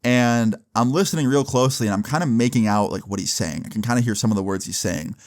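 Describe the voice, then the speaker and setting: Young male vlogger, mid-pitched, rattling off a funny story in loose casual slang. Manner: animated, slangy, fast retelling with lots of "like" and "dude".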